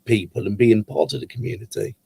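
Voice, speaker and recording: A man's voice: on the low side, fairly quick, gravelly, warm tone, husky, no room sound. A man hosting a podcast, chatting and joking with a guest. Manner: jokey, laughing along. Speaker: podcast host. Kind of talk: casual podcast chat.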